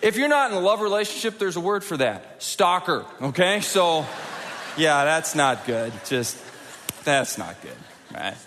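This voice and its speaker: Middle-aged male pastor, animated conversational sermon, slightly high voice, reverberant auditorium. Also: measured pace, slight background noise. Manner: animated, conversational, with acted-out quotes and audience prompts. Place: large church auditorium.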